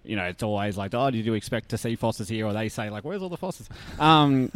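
A man with an Australian accent, chatting as a podcast guest, lively with lots of fillers and laughs. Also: medium pitch, quick pace, hardly any pauses, dry recording. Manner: chatty and animated, many fillers, laughs often. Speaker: guest, brewery tour operator. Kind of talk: casual podcast interview.

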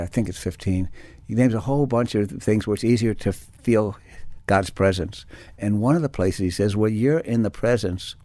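Low-voiced reflective spiritual teacher. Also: male voice, warm tone, no room sound. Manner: reflective, rambling, with restarts and fillers. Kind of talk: spiritual talk with personal stories.

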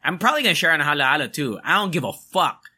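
A man's voice: a little high, very animated, quick pace, sharp tone, husky. A young man hosting a podcast, ranting angrily and emphatically, swearing as he vents. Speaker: podcast host.

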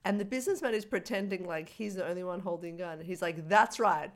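Lively Australian woman, lowish voice. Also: fast talker. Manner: animated, laughing storyteller acting out scenes. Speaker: podcast co-host. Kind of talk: casual chat reviewing a film.

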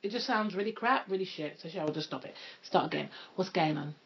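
A woman's voice: fairly low pitch, lively intonation, quick pace, gravelly, slightly rough. A woman co-hosting a podcast, casual and jokey, slipping into put-on voices. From London, England. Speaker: podcast co-host. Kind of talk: casual chat. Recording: dull lo-fi podcast recording.

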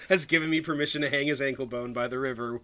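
Man, podcast co-host, wry, jokey banter, bright tone. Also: medium pitch, moderate pace. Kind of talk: casual comedic banter.

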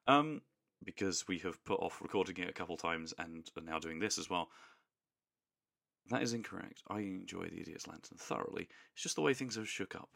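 A man's voice: sits low, expressive, a little fast, gravelly, fairly bright tone, dry recording, studio quality. A man co-hosting a podcast, chatting casually in goofy, playful banter. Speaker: podcast co-host. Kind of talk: casual chat.

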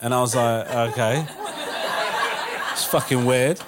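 A man telling a story in casual chat, animated and profane, laughing as he goes. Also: mid-range voice, unhurried, a crowd in the background, background noise. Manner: animated, swearing, laughing through stories.

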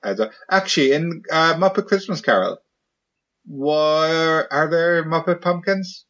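A man's voice: on the high side, a little slow, a bit bright. Male podcast host, jokey and casual, slightly dull recording. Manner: jokey, asks questions and sums up. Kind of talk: casual chat.

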